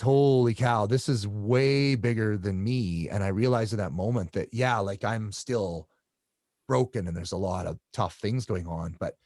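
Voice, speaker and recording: A middle-aged man telling stories in a casual interview, halting and often repeating his words as he restarts sentences. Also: on the low side, a little mellow, no echo, clean studio sound. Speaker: guest.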